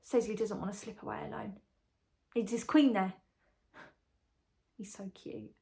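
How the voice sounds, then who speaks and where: A woman's voice: mid-range voice, fairly even intonation, unhurried, creaky, a little mellow. A young woman performs a dramatic monologue as a chatty, confiding young woman engaged to a condemned prisoner. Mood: breezy. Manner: confiding, gossipy, breezy. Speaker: lead character in a monologue.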